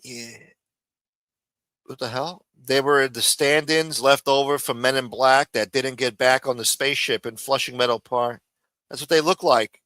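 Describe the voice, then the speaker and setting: A man's voice: mid-range voice, fairly even intonation, normal speed, a bit bright, dry recording. A man hosting a live-stream panel, reading out viewer chat and greeting commenters in a blunt, joking way. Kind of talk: casual live-stream banter.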